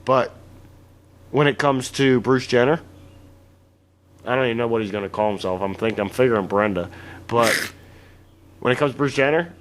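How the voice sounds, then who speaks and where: A man's voice: medium pitch, normal speed, long pauses, a bit bright. A man co-hosting a casual podcast, rambling and crude, often correcting himself mid-sentence. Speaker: podcast co-host.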